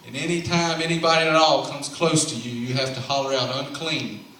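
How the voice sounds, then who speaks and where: A man's voice: fairly high pitch, fairly even intonation, a little fast, bright, forceful tone, slight background noise. A man voicing a stern priest giving grave orders in a matter-of-fact way. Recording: very echoey hall, recorded from far off.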